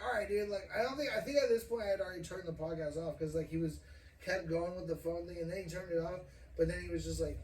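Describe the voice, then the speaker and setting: A man's voice: high-pitched, a little mellow. A young man hosting a casual podcast, rambling and swearing, laughing often as he tells a story. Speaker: podcast host. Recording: roomy, distant mic, faint noise.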